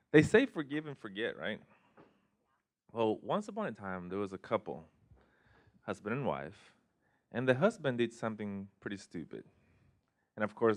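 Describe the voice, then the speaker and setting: Low-voiced joking male life coach. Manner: joking, conversational, loose phrasing. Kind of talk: motivational talk to a live group. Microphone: handheld or stand mic.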